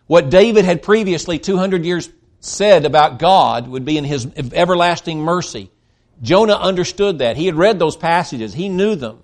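A man preaching a sermon, emphatic and swinging between loud stresses and quiet drops, with frequent restarts. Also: a little high, animated, moderate pace. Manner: emphatic, rising and dropping in volume, with restarts.

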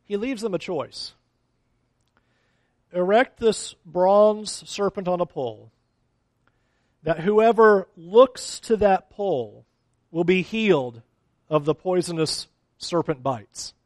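A man's voice: high voice, expressive, takes it slowly, long pauses, darkish tone, dry recording. A man preaching a sermon as a pastor, acting out quotes of complaining people along the way.

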